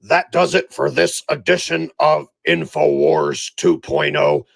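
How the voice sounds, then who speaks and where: A man playing a mock-serious male infomercial pitchman host. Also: very animated, unhurried, vocal fry, husky, no room sound, exaggerated voice. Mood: salesy. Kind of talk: comedic parody.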